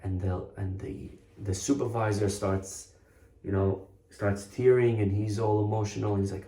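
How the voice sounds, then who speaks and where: A man's voice: lowish voice, steady tone, moderate pace, mellow. A man, a rabbi, giving a storytelling sermon in an earnest way, stressing points by repeating himself. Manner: earnest storytelling with emphatic repetition. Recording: roomy echo.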